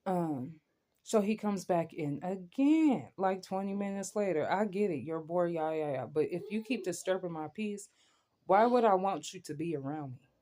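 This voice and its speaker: A woman's voice: lowish voice, expressive, normal speed, mellow. A young adult woman venting to camera in a rambling, emphatic way, often checking in with the listener. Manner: emphatic, rambling, keeps asking "you know what I'm saying". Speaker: vlogger.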